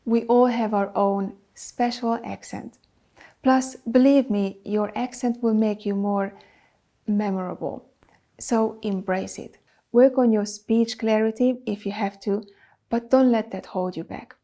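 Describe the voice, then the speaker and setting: Mellow-voiced woman giving business advice. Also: a little high, steady tone, measured pace. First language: not English. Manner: emphatic, rhythmic listing of items. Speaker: video producer and channel host. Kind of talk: business advice talk to camera.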